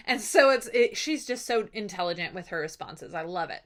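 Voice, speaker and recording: A woman's voice: medium pitch, lively intonation, fairly quick, hardly any pauses, fairly bright tone. A young woman teacher giving a casual, chatty lesson recap with plenty of enthusiasm.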